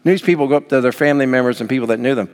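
A man preaching a sermon as pastor, swinging from soft, low passages up to near shouts. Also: racing. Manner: dynamic preaching, rising to near shouts then dropping soft. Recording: long hall reverb.

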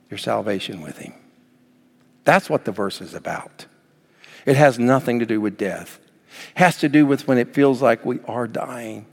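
A man preaching a sermon as pastor, swinging from soft, low passages up to near shouts. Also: animated, moderate pace. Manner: dynamic preaching, rising to near shouts then dropping soft. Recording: long hall reverb.

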